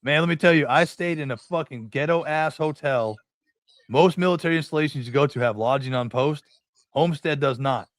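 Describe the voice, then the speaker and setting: A man's voice: a little high, brisk, no room sound, clean studio sound. A middle-aged man from New England hosting a podcast, telling rambling, profane anecdotes and acting out the dialogue. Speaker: podcast host. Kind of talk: casual storytelling chat.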